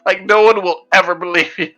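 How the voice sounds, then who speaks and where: A man's voice: high-pitched, steady tone, a little fast, sharp tone, faint music behind, rough recording. A man playing a tabletop game, chatting casually, rambling and laughing as he jokes with the group. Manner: rambling, joking, laughs often. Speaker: player.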